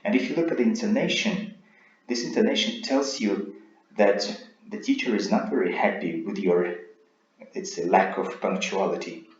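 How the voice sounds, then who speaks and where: A man giving a recorded speaking lesson as a teacher, explaining in a measured way and checking in with "right?". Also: fairly low pitch. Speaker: IELTS teacher. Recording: roomy, dull lo-fi sound.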